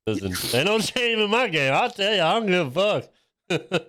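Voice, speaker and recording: Animated foul-mouthed man telling stories. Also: sits high, slow, dry recording, clean studio sound. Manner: profane, animated storyteller, keeps saying listen. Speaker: podcast co-host. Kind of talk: crude casual chat.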